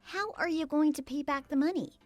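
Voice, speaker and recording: A woman's voice: sits high, brisk, faint music behind. A woman's text-to-speech voice as a worried wife who pleads and questions. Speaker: wife and story narrator.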